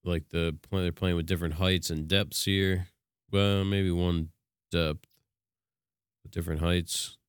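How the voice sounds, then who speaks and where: Very deep, smooth-voiced man in relaxed chat. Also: measured pace, long pauses, dry recording, studio quality. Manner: relaxed, trailing phrases, short affirmations. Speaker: podcast co-host. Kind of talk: casual chat.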